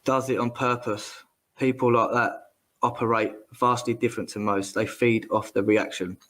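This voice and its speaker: A man's voice: medium pitch, flat delivery, normal speed, fairly bright tone. A man ranting in casual chat, rambling and swearing as he gets heated.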